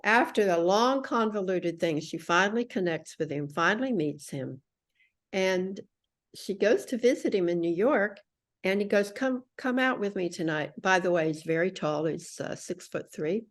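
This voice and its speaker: A middle-aged woman, appearing as a guest on a podcast, tells a personal story with animation at a moderate pace. Her voice runs slightly low, and she takes on the voices of the people she quotes.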